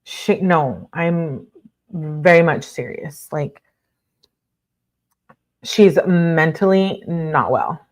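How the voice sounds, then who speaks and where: A woman's voice: sits low, lively intonation, drawn-out words, long pauses. A woman hosting a casual live stream, reading documents aloud and breaking off to react with blunt outrage and lots of fillers. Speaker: livestream host reading court documents.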